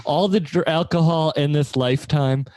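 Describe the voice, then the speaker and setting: A man's voice: a little high, normal speed, darkish tone. A man hosting a casual chat podcast, rambling through stories and laughing often. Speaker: podcast host.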